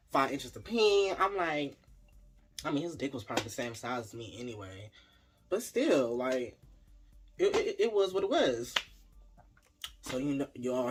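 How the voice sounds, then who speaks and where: Chatty man telling a storytime, raised pitch. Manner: animated, chatty, addresses viewers directly. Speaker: vlogger. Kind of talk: casual storytime.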